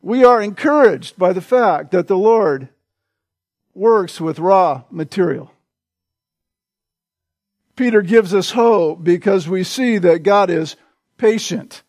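A male pastor preaching a sermon in a slow, deliberate way, repeating short phrases for emphasis. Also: high voice, lively intonation, darkish tone, no room sound.

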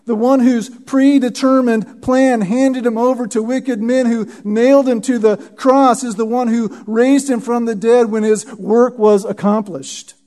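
In a very high, steady, warm voice, a pastor preaches an expository sermon verse by verse. He regularly pauses to ask "Right?" and repeats words for emphasis.

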